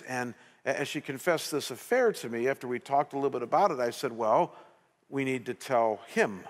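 Man preaching a sermon in a reverberant hall. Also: mid-range voice. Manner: storytelling, animated with many restarts. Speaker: pastor. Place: church sanctuary.

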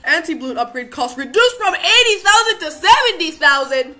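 A young woman giving loud, excitable gameplay commentary, swearing now and then and reading out game text. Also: very high voice, normal speed, soft background music. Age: young adult. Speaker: gaming video creator.

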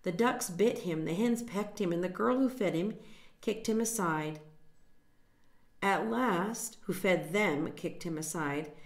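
A woman reading a picture book aloud to children, gently stopping to explain words and point at the pictures. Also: on the low side, unhurried. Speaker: storytime reader. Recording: echoey room.

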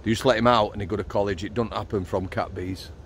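This middle-aged Yorkshire man, once a prison officer, speaks fast in a low, steady voice with vocal fry. Walking outdoors at night, he tells blunt, matter-of-fact stories and swears freely, over a little hiss or hum.

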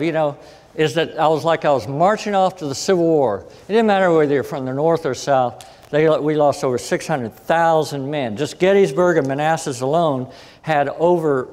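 Animated man lecturing in a reverberant hall. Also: on the high side. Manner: animated, acts out quoted voices. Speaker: guest speaker. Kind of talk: storytelling lecture. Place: conference hall.

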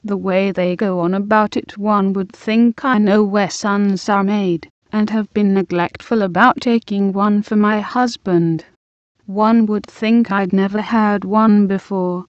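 Storybook role: fierce, resentful young wife voiced by a woman, slow delivery, dry muffled recording. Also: medium pitch, steady tone, no echo, lightly acted. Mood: defiant.

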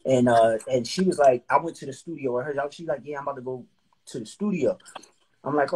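A middle-aged man from New Jersey, a singer-songwriter guest telling stories in a casual, animated way and acting out quotes in slang. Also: fairly high pitch, quick pace, a little hiss or hum, low-quality recording. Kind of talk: casual storytelling interview.

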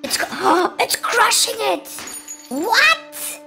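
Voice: extremely high pitch, big pitch swings, very slow, gravelly. A reaction video host who exclaims, gasps and giggles at clips and makes up rhyming nonsense words. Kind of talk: excited reaction commentary. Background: music from the clips.

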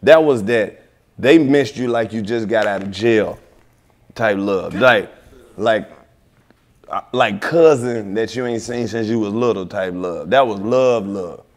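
Brash, profane comedian host. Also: male voice, on the low side. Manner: brash storytelling, heavy cursing, drawn-out emphasis. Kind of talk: casual profane banter. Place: living room set.

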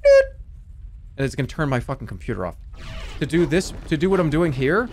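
A man's voice: fairly high pitch, very animated, fast talker, over music. A man streaming a game, chatting casually, swearing and flying into frustrated outbursts. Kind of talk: casual gaming stream chat.

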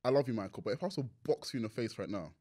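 A young man with a London accent, a podcast guest telling stories in an animated way and laughing often. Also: medium pitch, very fast. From England. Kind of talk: casual interview chat.

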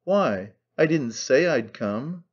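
A man's voice: mid-range voice, expressive, slow, husky. Man playing a brash, careless young man in an audiobook, cool and offhand, dull lo-fi sound. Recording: dull lo-fi recording.

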